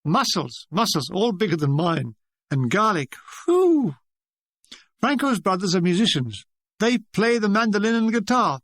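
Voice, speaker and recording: Wry high-voiced older man narrating. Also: normal speed, no room sound, studio quality. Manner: wry, deadpan comic delivery. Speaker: author reading his memoir. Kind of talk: audiobook narration.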